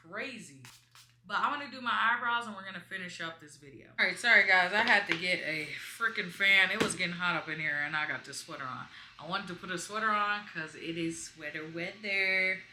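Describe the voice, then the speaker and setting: A young woman with a bright, crisp voice chats to her viewers while doing her makeup, wandering off into lively asides. She sits in a small room at home by a window, talking toward her camera, and the bare walls give her voice a roomy ring. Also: medium pitch, moderate pace, a little hiss or hum. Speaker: beauty vlogger. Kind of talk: casual storytime chat while doing makeup. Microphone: camera in front of her.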